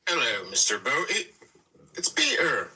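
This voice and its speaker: A man voicing a blunt older Northern English man who is gruff and homely, with affectionate insults. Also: medium pitch, huge pitch swings, measured pace, sharp tone, distant mic, a little hiss or hum, full character voice.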